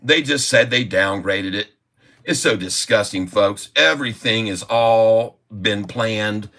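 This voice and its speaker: A man's voice: fairly low pitch, slow, sharp tone. A middle-aged man ranting indignantly in a livestream of stock commentary. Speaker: stock market streamer.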